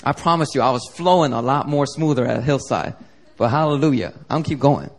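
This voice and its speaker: A man preaching a sermon as pastor, telling a lively, joking story to the congregation. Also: mid-range voice, brisk. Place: church service.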